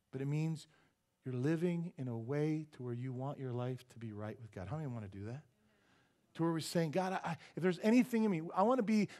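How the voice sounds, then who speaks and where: A male pastor preaching a sermon in church, animated, firing rhetorical questions at the congregation and dropping joking asides. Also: on the high side. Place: church sanctuary.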